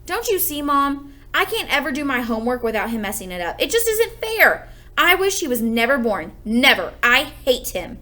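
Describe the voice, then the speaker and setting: Woman doing an upset yelling young boy. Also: sits high, very animated, moderate pace, few pauses, full character voice. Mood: angry. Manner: yelling, pleading.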